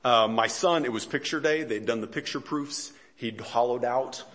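A man's voice: medium pitch, moderate pace, fairly bright tone. Man telling humorous stories in a sermon. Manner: conversational storytelling with self-deprecating humor; frequent fillers and restarts, chuckles between lines. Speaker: pastor.

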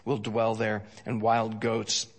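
A man preaching a sermon in a folksy, joking way, swinging from loud emphasis to hushed storytelling. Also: fairly low pitch, monotone, slow pace. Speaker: pastor.

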